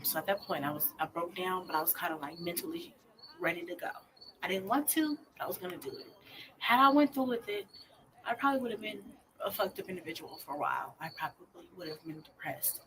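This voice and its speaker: A woman in her twenties telling her story as a mother, blunt and profane, often dropping to a near-whisper. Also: on the low side. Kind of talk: candid personal storytelling. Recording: noisy clip played in a reaction video.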